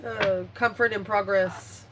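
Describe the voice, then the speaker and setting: A woman's voice: mid-range voice, steady tone, slow, a bit bright, a little hiss or hum, low-quality recording. A woman giving a casual tarot reading, blunt and swearing freely, out of breath as she muses over the cards. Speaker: tarot reader.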